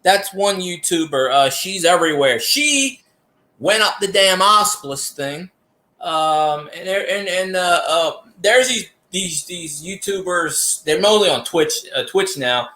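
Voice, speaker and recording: A man tells stories in a loose livestream chat, his high voice bright and cutting. He rants and curses freely, and the sound bounces around an echoey room. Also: measured pace. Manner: animated storytelling with rants and cursing.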